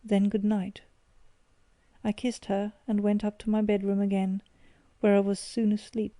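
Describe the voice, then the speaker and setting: A woman narrating an audiobook in a measured, expressive reading. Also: medium pitch, no echo.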